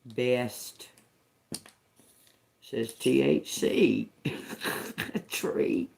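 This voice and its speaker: A man doing a tarot reading, slowly sounding out words and phrases and repeating them as he tries to make sense of the messages. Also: lowish voice, darkish tone. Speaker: tarot reader. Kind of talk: slow channeled reading.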